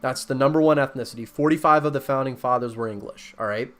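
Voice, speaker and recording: A man's voice: medium pitch, fast. A man hosting a casual conversation, explaining and reading out facts with many fillers and restarts.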